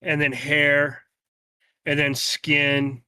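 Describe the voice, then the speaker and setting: A man narrating a tabletop game as game master, telling the scene slowly and dramatically. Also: fairly high pitch, completely flat delivery, pushed and bright, clear, resonant tone, no echo, clean studio sound. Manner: slow, dramatic storytelling.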